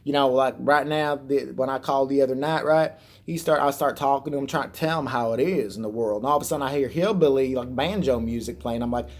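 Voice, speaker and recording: A man's voice: mid-range voice, fast, hardly any pauses. A man ranting on his vlog in a rambling, sarcastic and profane way. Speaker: vlogger. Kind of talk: rambling satirical rant.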